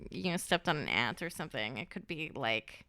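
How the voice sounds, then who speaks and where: A woman's voice: a bass voice, expressive, brisk, sharp tone, dry recording, clean studio sound. A woman co-hosting a podcast in casual chat, rambling with lots of fillers. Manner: rambling, many fillers like "you know". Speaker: podcast co-host.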